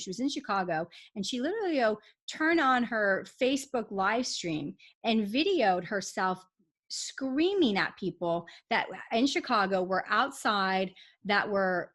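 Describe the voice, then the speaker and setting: A woman's voice: medium pitch, fairly bright tone. Emphatic woman lawyer in an interview. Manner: emphatic, talks in quick runs with many fillers. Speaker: guest, tax lawyer. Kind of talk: casual interview talk.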